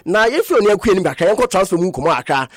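This radio sports roundup comes from a man speaking fast in a high voice, his delivery sliding at times into a sing-song lilt. The studio sound is close and dry, without any echo.

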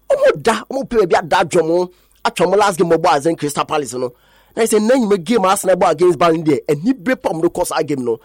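A man with a Ghanaian accent presenting sports news in an excited way, acting out quotes from players and coaches. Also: on the high side, no room sound, clean studio sound. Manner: excitable, mixes languages, acts out quotes. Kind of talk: animated sports talk.

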